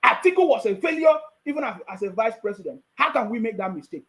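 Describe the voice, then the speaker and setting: A man with a Nigerian accent giving political commentary in a vlog, mocking his opponents with rhetorical questions and frequent laughter. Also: very high voice.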